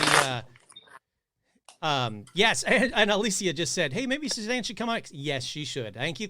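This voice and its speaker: Bright, upbeat male live-stream host. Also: fairly high pitch, clean tone, dry recording, clean studio sound. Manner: upbeat, appreciative, quick asides to viewers.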